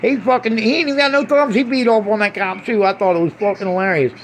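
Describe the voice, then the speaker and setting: A man's voice: high voice, fairly even intonation, fast talker, a little hiss or hum. A man in a crude, rambling rant, swearing heavily and drifting between asides. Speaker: monologuist.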